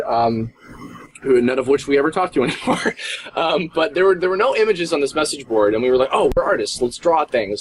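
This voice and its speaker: A man's voice: medium pitch, a little hiss or hum, poor audio. A man, a guest voice actor, chatting casually in an interview and telling long, rambling stories that he keeps interrupting himself in. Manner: rambling, self-interrupting storyteller.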